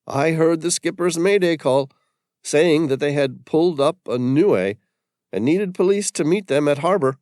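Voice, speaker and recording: A certain, eager investigator laying out facts briskly, as a man narrating a thriller puts him on. The voice sits higher and livelier than the narration, dry and close. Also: expressive, darkish tone, no echo. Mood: explaining.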